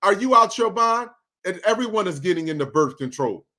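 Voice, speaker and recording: A man reacting to video clips in casual commentary, animated and emphatic, repeating lines for effect. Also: sits high, a little fast.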